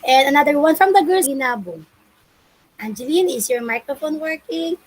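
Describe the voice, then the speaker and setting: A woman's voice: high-pitched, lively intonation, normal speed, poor audio. Encouraging Filipino woman teacher on a video call. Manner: encouraging, mixes Tagalog and English, calls pupils "anak". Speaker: English teacher. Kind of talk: online class lesson.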